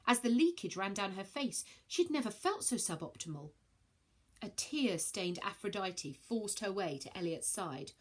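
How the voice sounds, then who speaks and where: A woman reading a children's novel aloud, switching into many character voices with shouts and whispers. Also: medium pitch, big pitch swings, a little slow. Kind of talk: expressive storybook read-aloud.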